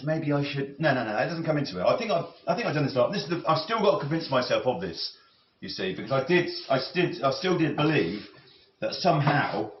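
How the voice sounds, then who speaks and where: A man rambling and musing as he cooks, with many halting restarts and self-corrections. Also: fairly high pitch. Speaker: cooking vlogger. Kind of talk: rambling talk while cooking. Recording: roomy, slightly dull audio with faint noise.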